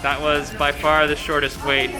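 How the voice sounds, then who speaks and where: Chatty high-voiced man vlogging. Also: monotone, normal speed, over loud music. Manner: chatty and upbeat, with wry asides. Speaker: theme park vlogger. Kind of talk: casual vlog commentary. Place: outdoors at an amusement park.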